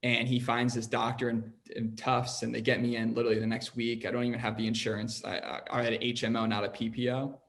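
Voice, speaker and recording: A young man talks through a personal story on a podcast in loose, casual chat. He leans on "like" constantly and stays earnest, and his voice sits at an ordinary middle pitch. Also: level tone, fast talker, hardly any pauses. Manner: rambling, heavy use of "like", earnest. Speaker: podcast host telling his own story.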